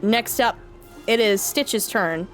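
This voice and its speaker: A woman acting as game master for a tabletop role-playing game, relaxed and quick to laugh. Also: mid-range voice, faint music behind. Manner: laughs easily, relaxed and casual.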